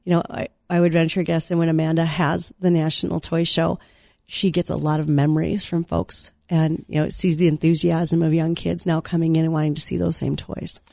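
A lifelong North Dakotan hosting farm radio, quick with snarky asides and easy jokes. The voice sits at a middling pitch and comes through close and dry on a studio mic, with no room around it. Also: flat delivery, creaky, mellow, no echo. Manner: wry, snarky, chatty. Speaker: radio farm show host. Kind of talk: casual on-air chat.

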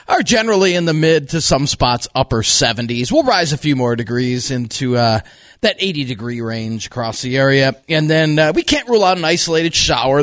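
A man giving a radio weather forecast in a relaxed, chatty way, often pausing with "uh". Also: fairly high pitch, no room sound, clean studio sound. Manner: relaxed, chatty delivery with frequent uh fillers. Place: radio studio.

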